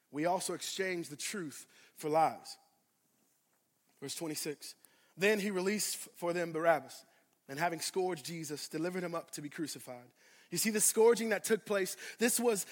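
A man preaching a sermon, swinging from loud declarations to hushed asides and repeating phrases for emphasis. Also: high voice, big-room sound. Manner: addresses congregation directly, repeats phrases for emphasis. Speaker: pastor.

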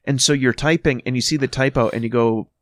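A man co-hosting a podcast, chatting casually and griping with plenty of swearing. His voice sits at an ordinary middle pitch. The recording is dry and close. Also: steady tone, no room sound. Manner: profane, grumbling, quick-tempered. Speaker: podcast co-host.

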